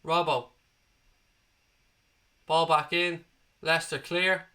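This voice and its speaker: A man hosting a live football watchalong, calling the play and chatting with viewers, excitable and prone to swearing as he cheers. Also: fairly high pitch, takes it slowly. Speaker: watchalong host. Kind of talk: live match commentary and chat. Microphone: desk microphone.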